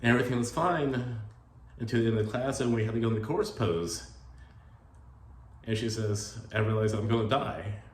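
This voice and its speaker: A man's voice: medium pitch, moderate pace, pauses often. A man telling personal stories in a casual, rambling way, full of "like" fillers and emotion. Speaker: vlogger telling stories about his late partner. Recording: roomy echo with faint ambient noise.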